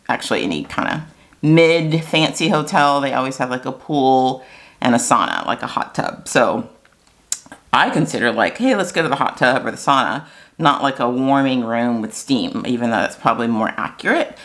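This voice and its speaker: American woman, vlogger, chatty, animated, talks straight to camera. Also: a bass voice. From United States. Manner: chatty and animated, with fillers and asides. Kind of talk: casual chat to camera.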